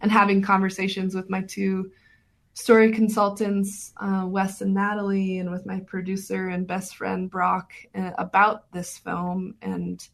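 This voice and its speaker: A woman's voice: medium pitch, completely flat delivery, measured pace, vocal fry. A woman documentary filmmaker being interviewed on radio, talking thoughtfully with many fillers and restarts.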